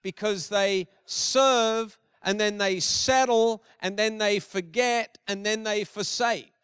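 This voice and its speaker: Middle-aged male pastor, high clear voice, dry and close, preaches casually with emphatic repetition. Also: steady tone, takes it slowly, fairly bright tone, dry recording. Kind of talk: sermon.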